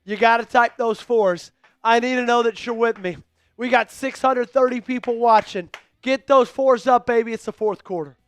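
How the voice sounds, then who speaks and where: A man hosting a live stream, calling plays and hyping up his viewers with excitable energy. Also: very high voice, normal speed, clear, resonant tone, dry recording, soft background music. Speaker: host of a team live stream. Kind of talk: live play-by-play commentary.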